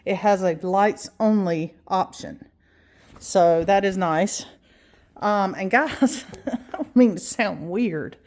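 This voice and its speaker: A woman's voice: medium pitch, takes it slowly, darkish tone. A woman chatting casually and enthusiastically through an unboxing and assembly of a Halloween prop, with frequent fillers.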